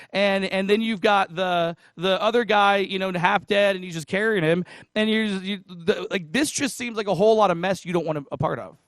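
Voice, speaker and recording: A man's voice: high-pitched, no room sound, clean studio sound. A man preaching a casual sermon, retelling a parable in a chatty, joking way with asides to the congregation. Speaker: pastor.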